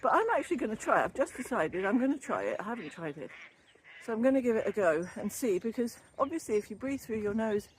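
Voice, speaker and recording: Her voice is on the high side and sing-song, and she talks quickly while strolling outdoors beside a canal, a bit winded. The older woman, a wellbeing vlogger and former yoga teacher trainee, rambles and laughs easily about wellbeing. No separate mic is used, just the device's own, and there's slight background noise.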